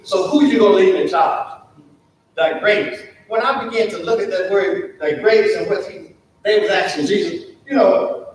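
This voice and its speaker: A man's voice: sits high, a little hiss or hum. A man teaching a Sunday school lesson in a church, in a preacherly call-and-response way that throws questions to the class. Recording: very echoey church room from far off.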